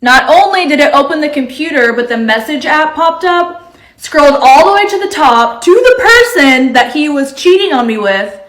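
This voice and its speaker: A woman who works as an energetic healer, telling a story in a chatty, confiding way. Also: sits high, normal speed, roomy sound. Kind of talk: casual storytime.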